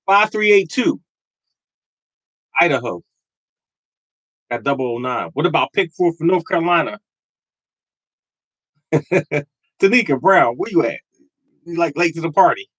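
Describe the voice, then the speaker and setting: A man's voice: a little high, lively intonation, unhurried, pauses often, a bit bright, no echo, rough recording. A man in his fifties or older hosting a live lottery tips stream, greeting chat viewers by name and repeating his points with emphatic conviction. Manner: emphatic and repetitive, preaching conviction.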